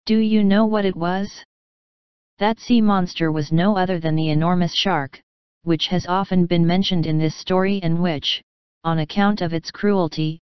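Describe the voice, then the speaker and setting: A woman reading a classic children's story aloud in calm, even audiobook narration. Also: fairly low pitch, clean tone, no room sound. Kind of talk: scripted narration. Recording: dull close studio sound.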